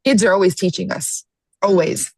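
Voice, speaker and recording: A woman's voice: medium pitch, normal speed, vocal fry, breathy edge, no echo. A woman with a child of her own, leading a spiritual discussion group over a video call in an earnest, reflective way, often restarting her phrases. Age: adult parent.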